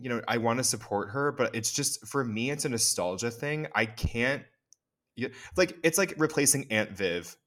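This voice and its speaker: A man's voice: mid-range voice, fairly bright tone. A man co-hosting a casual pop culture podcast, emphatic and opinionated, using colorful sayings. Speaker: podcast co-host.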